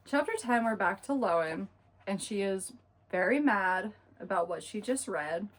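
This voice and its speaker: A young woman recapping a book in a casual, chatty way, full of fillers and quick asides. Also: medium pitch, animated. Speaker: book reviewer.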